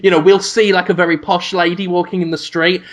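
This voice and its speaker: A man's voice: sits high, flat delivery, brisk. A man co-hosting a podcast, spinning absurd scenarios in playful, rambling, casual chat. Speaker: podcast co-host.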